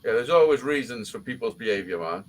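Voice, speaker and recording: A man's voice: medium pitch, animated, fast talker, low-quality recording. A middle-aged man, telling a rambling story in casual chat and swearing constantly.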